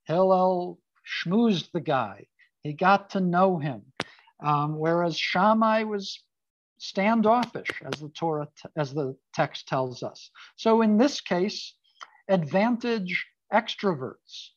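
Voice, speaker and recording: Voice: medium pitch, animated, takes it slowly. A speaker giving an informal sermon on a Jewish text, conversational with casual asides. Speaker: speaker giving a Torah talk. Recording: dull lo-fi dry recording.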